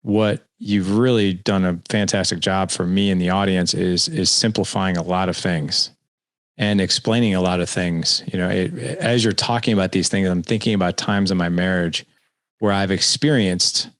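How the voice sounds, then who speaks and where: A man's voice: deep voice, fairly even intonation, moderate pace, no echo. A man hosting a podcast interview, reflecting on what his guest says and asking follow-up questions. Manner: engaged, reflective, sums up and asks follow-up questions. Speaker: podcast host.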